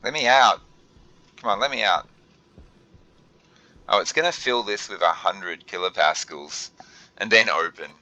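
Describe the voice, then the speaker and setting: A man's voice: on the low side, measured pace, pauses often, bright, forceful tone, poor audio. A young man thinking aloud while he plays a game, often flustered, with many fillers and restarts. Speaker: gaming video host. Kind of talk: let's play commentary.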